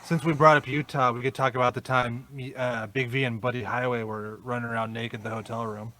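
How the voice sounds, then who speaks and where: A man's voice: medium pitch, little pitch movement, brisk, background noise. A man co-hosting a podcast, teasing and joking with his friends. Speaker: podcast co-host. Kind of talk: casual chat.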